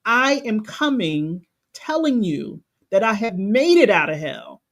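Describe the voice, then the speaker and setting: A woman's voice: medium pitch, very animated, takes it slowly. Emphatic woman coach speaking passionately. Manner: emphatic, repeats phrases for emphasis; passionate, preacher-like cadence. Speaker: life coach. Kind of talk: motivational live stream talk.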